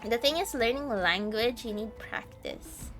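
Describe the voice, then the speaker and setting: A woman's voice: a little high, lively intonation, measured pace, fairly bright tone, soft background music. A woman from the Philippines with a Filipino accent, streaming games and chatting casually, often breaking into giggles as she tells stories. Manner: giggly storytelling, laughs often. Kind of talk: casual chat while gaming.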